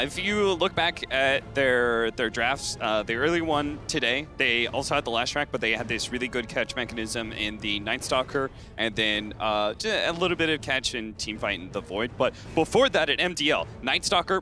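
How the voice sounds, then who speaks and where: A man's voice: medium pitch, lively intonation, moderate pace, pushed and bright, soft background music. A man from Seattle, an esports analyst who breaks down plays in a talkative, analytical way. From Seattle, USA. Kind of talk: casual panel analysis.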